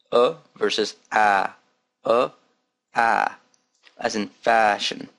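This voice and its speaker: In a recorded language lesson, an Arabic teacher with a mid-range, fairly bright voice patiently demonstrates sounds and repeats them for his students.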